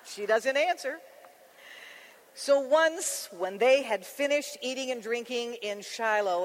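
Animated woman preaching in a big hall. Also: sits high, normal speed. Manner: animated, conversational, acts out scripture scenes. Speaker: Bible teacher. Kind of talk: women's Bible study sermon. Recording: long reverb of a large hall.

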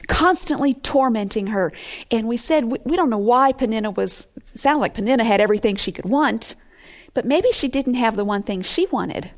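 A middle-aged woman giving earnest, expressive Bible teaching, sometimes dropping to a hush. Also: fairly high pitch.

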